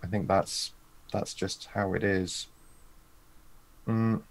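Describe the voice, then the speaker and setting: Man, player, very low voice, casual rules talk. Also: fairly even intonation, slow, no echo. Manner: narrates his character in third person, mixing in spoken lines. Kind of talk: playing a tabletop game over voice chat.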